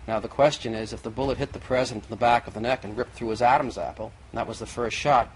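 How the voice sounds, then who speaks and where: A man arguing as a guest in a televised debate, insistent and methodical, in an old TV recording. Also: medium pitch. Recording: faint noisy old TV recording.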